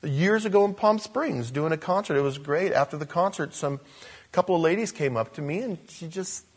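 A man preaching a conversational sermon, swinging between loud emphasis and soft asides. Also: on the high side, normal speed, breathy edge.

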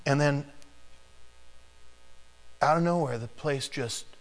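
A man preaching a sermon, telling a personal story in an animated, chuckling way. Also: a little high, slow. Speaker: pastor. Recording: long hall reverb.

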